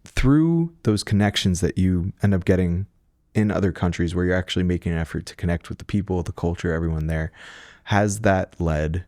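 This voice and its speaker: A man's voice: low voice, fairly quick, dark tone, no room sound, clean studio sound. A man hosting a podcast interview, asking long rambling questions. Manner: long rambling questions, frequent short "yeah" backchannel. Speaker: podcast host.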